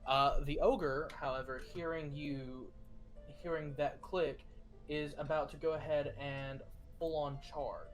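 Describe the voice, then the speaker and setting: A man's voice: a little high, fairly even intonation, unhurried, soft background music. A man narrating and running a tabletop game as game master, describing actions with lots of fillers and restarts. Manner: narrates actions with frequent fillers and self-corrections.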